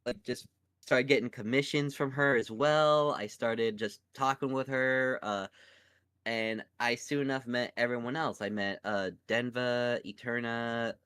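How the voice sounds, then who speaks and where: A man of medium pitch tells his story in a loose, halting way, often restarting his sentences. His voice comes through an online call with a dry, close sound. He sounds like a guest on a casual chat. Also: fairly even intonation, fairly bright tone, clean tone, no room sound. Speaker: voice actor guest.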